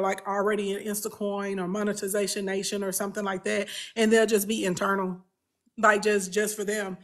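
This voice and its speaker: A woman, a business coach talking bluntly and emphatically to her followers, often repeating phrases. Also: medium pitch. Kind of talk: candid talk to followers.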